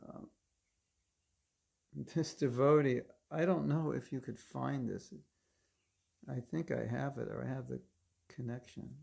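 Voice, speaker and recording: A man's voice: mid-range voice, fairly even intonation, measured pace, vocal fry, long pauses, darkish tone, husky. A man giving a devotional class lecture as a spiritual teacher, conversational and wry, often putting questions to his listeners. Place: Alachua, Florida.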